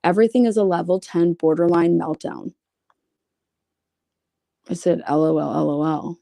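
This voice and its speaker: A woman's voice: fairly low pitch, normal speed, vocal fry, mellow, dry recording, studio quality. A woman streaming casually, reading private messages aloud with blunt, sarcastic, profane asides. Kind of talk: casual livestream commentary.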